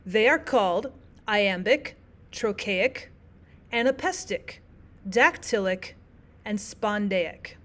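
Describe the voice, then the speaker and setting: A woman teaching a recorded lesson, explaining terms step by step in a clear, methodical way and repeating the key points. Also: medium pitch, expressive, takes it slowly, pauses often, a bit bright.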